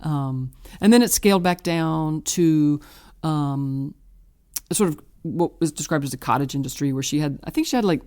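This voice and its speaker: At a normal pace, an artist guest in her fifties from the American South speaks in a low-pitched, warm voice during a casual interview. She rambles loosely, often restarting and filling gaps with filler words.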